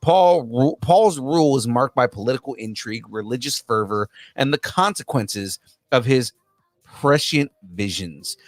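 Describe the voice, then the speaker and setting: A man's voice: medium pitch, expressive, a little slow, no room sound. A man co-hosting a casual podcast, reading news aloud and goofing around with silly voices. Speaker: podcast co-host.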